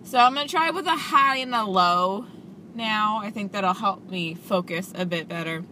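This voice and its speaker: A woman's voice: mid-range voice, moderate pace, bright, forceful tone. A woman talking casually in a rambling vlog, full of fillers and restarts, recorded inside a car. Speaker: vlogger reviewing a movie and her own writing. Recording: car and road noise behind. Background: traffic and vehicle noise.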